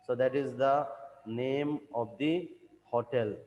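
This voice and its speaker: A man, teaching in a classroom, who reads a textbook chapter aloud and then slowly rephrases each line, repeating the key words. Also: medium pitch, steady tone, a little mellow, long reverb tail, muffled recording. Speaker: English teacher.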